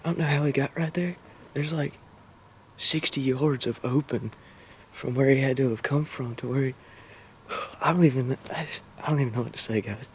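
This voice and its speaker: A man with a Southern US accent telling, in a hushed and then excited voice, how a hunt went, from a tree stand in the woods. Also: medium pitch, moderate pace, a little hiss or hum. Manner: excited, breathless storytelling. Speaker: hunter filming his hunt. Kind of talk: whispered hunting vlog narration.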